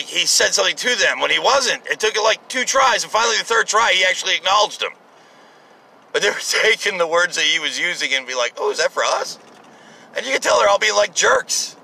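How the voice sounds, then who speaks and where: A man's voice: fairly high pitch, creaky, pushed and bright, a little hiss or hum, rough recording. A man giving casual, sarcastic political commentary, ranting with profanity and exasperation.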